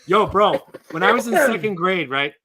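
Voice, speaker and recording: Lively joking man. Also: high voice, moderate pace, slightly rough. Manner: loose, joking, swears a lot. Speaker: co-host. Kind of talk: casual banter on a live stream.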